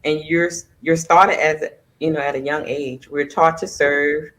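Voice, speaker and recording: A woman from the Southern United States, a podcast guest talking in a soft, reflective way with many fillers. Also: sits low, fairly even intonation, unhurried, low-quality recording. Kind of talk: casual conversation on a podcast.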